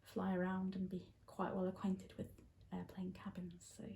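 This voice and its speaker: A woman with an English accent chatting casually, laughing often and filling pauses with ums. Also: on the low side, monotone, vocal fry, mellow, reverberant. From England. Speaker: guest. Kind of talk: casual chat.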